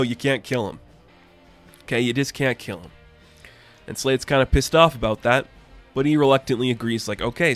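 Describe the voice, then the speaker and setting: A man reviewing a comic book in casual video commentary, loose and full of fillers, with wry asides. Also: medium pitch.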